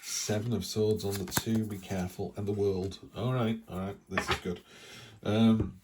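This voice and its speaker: A man's voice: on the low side, fairly even intonation, normal speed, heavy background noise. A middle-aged man with an English accent giving a casual, rambling weekly tarot reading, breaking off now and then to cough. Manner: chatty, rambling, with asides. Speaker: tarot reader.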